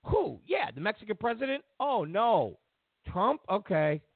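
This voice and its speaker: A man's voice: high voice, very animated, measured pace, no room sound. Sarcastic man ranting on politics. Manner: sarcastic, mocks others in exaggerated voices, repeats himself for emphasis. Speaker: political commentary host. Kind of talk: opinionated political rant. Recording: dry, phone-like narrow sound.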